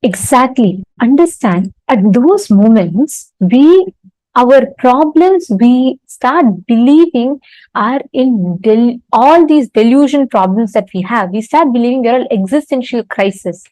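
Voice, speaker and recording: A woman's voice: a little high, lively intonation, mellow, no room sound, rough recording. Woman spiritual teacher, paced parable-telling talk, dry close sound. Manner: unhurried, pausing often, telling a story with acted-out quotes. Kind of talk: live online spiritual discourse with a parable. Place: temple.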